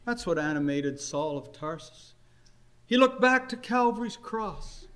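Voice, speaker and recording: An older man preaching a sermon, telling a story earnestly and swinging between soft and loud delivery. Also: sits high, lively intonation, a little slow.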